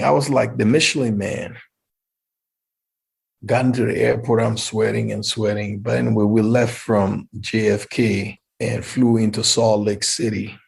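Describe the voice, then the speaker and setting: A middle-aged man from Liberia, telling a personal story in an animated way as an interview guest. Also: fairly low pitch, gravelly, breathy edge. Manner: animated storyteller who acts out quoted voices.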